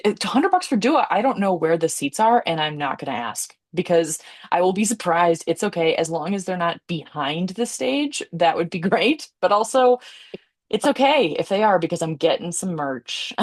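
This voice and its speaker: A woman's voice: fairly low pitch, no room sound, studio quality. A young woman co-hosting a podcast, telling a rambling story in a chatty, giggly way. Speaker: podcast co-host. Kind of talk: casual chat.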